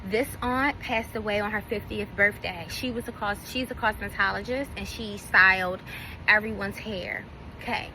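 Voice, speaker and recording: A woman's voice: mid-range voice, normal speed, sharp tone, a little hiss or hum, rough recording. A woman telling a personal story to camera in a blunt, profane, indignant vlog rant. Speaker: vlogger.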